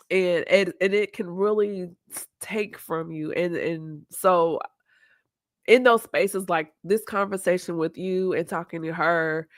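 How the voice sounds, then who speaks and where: A woman's voice: fairly low pitch, takes it slowly, no echo. Woman host, candid live-stream chat, reflective and open, dry close sound. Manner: open, reflective, laughs easily.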